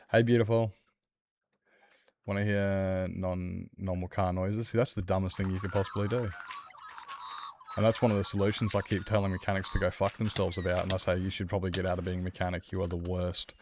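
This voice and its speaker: A man's voice: sits low, little pitch movement, quick pace, noisy background. A man streaming a game and ranting heatedly about car mechanics, swearing often. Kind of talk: casual rant while gaming.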